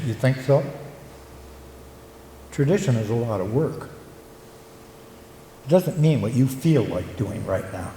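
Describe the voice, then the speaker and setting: A man's voice: mid-range voice, lively intonation, warm tone. Older man speaking in an echoey hall. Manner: reflective storyteller, halting with fillers. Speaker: local historian and retired art teacher. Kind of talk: conference talk. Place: conference hall. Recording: echoey hall, faint room noise.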